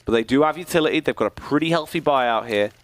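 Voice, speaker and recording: A man's voice: mid-range voice, fast talker, no echo. A man commentating an esports match, dramatic and building with the action. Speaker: esports caster. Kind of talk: play-by-play commentary.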